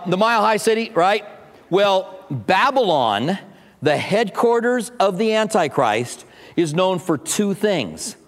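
Man preaching in a reverberant hall. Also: sits high. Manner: conversational teaching with asides and humor. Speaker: pastor. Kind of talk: sermon. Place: church sanctuary.

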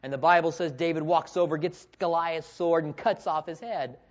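A man in his forties preaching a sermon with passion, swinging between loud calls and hushed asides. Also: on the high side, steady tone, moderate pace, dull audio. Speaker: pastor.

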